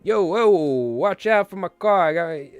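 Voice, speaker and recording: A brash Brooklyn car guy, put on by a man, with a loud, drawn-out Brooklyn Italian-American accent and high, stretched words. The voice is smooth and dry, with faint music behind. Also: expressive, no echo.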